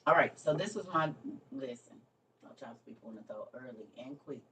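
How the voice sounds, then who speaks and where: A woman's voice: a bass voice, lively intonation, normal speed, fairly bright tone. A woman hosting a casual livestream, talking bluntly with her viewers and reading a devotional aloud. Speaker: livestream host. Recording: distant mic with faint background noise.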